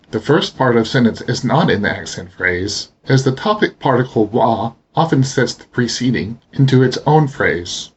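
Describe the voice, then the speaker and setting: A man teaching a language lesson, explaining pronunciation slowly and deliberately. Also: medium pitch, breathy edge. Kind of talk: instructional narration.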